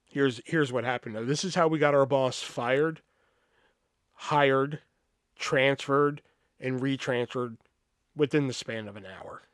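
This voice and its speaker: A man hosting a podcast, telling a story in a casual, animated, profane way and acting out the quoted voices. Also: medium pitch, a little slow, long pauses, smooth, no echo, clean studio sound. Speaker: podcast host.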